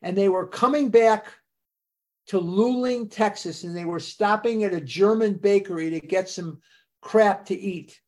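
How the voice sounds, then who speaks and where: An older speaker at a recovery fellowship gathering, telling its early history in a deliberate, storytelling way and dwelling on dates and names. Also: mid-range voice, darkish tone.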